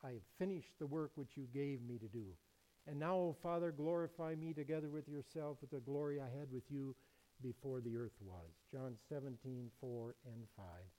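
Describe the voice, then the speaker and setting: A man preaching a sermon in a measured, emphatic way. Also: medium pitch, warm tone, poor audio. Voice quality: emphatic, measured delivery with many quotations.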